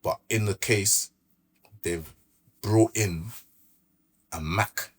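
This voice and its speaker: A man's voice: lowish voice, very slow. A man from London with a London accent, a podcast guest casually telling his story in street slang with quoted back-and-forth. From Brixton, London. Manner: laid-back street slang, recounts events with quoted dialogue.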